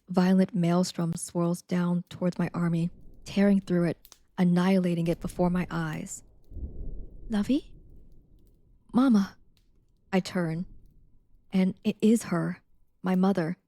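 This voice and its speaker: Soft-spoken woman with a low, mellow voice. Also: flat delivery, normal speed, dry recording. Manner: soft-spoken, drifts into whispers; chatty with viewers, reads steadily. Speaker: livestreamer. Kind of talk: casual chat and reading a novel aloud.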